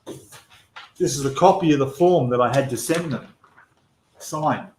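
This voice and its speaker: A man's voice: mid-range voice, a little slow, a little mellow, a little hiss or hum. An Australian man hosting a live stream Q&A, talking in an exasperated, emphatic way with frequent restarts. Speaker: channel host. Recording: roomy echo.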